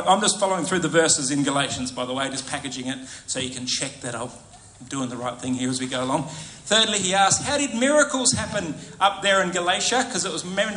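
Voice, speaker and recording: A male pastor delivers a lively sermon and keeps questioning his listeners. His voice sits a little high and sounds bright and forceful. It rings through an echoey church hall over a faint murmur of room sound. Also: a little hiss or hum. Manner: animated, asks the congregation questions.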